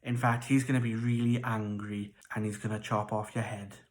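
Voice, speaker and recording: A storyteller doing gentle prisoner Joseph. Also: mid-range voice, level tone, normal speed, pitched below the performer's own voice, close to an everyday voice. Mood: sorry. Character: kind, calm young man Joseph in prison.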